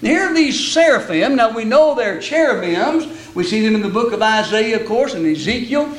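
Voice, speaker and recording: Older man, preacher, sermon, folksy storytelling, high-pitched, echoey room. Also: animated, normal speed. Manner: folksy storytelling, repeats words when starting.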